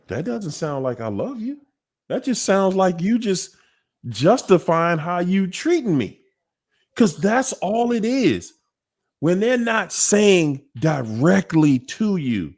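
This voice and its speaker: A man hosting a live Q&A talk, with a slightly raised voice that leaps around in pitch. He talks emphatically, calls out to his listeners, and acts out other people's words in voices. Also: very animated, slow pace. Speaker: host.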